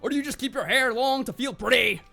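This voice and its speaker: A man voicing a gruff, pompous male drill sergeant major who barks commands and sneers insults at cadets while reading a visual novel on stream. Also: very high-pitched, quick pace, pushed and bright, pitched above the performer's own voice, heavily acted. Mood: barking.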